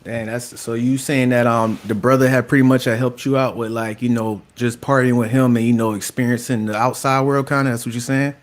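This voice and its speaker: Brief: relaxed male host, mid-pitched, slangy, chatty interviewer. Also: fairly quick, hardly any pauses. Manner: laid-back, heavy slang and fillers. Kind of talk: casual podcast interview.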